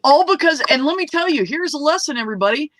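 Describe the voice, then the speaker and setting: Bright-voiced woman telling a wild story. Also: sits high, quick pace. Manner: animated, swears freely, laughs mid-story; acts out quoted voices. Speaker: open mic storyteller. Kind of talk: casual storytelling.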